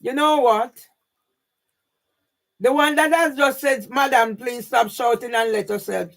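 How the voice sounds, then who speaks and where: A woman with a Jamaican accent ranting on a live stream, emphatic, often shouting and swearing, with frequent questioning tags. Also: high-pitched, normal speed. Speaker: YouTube livestreamer.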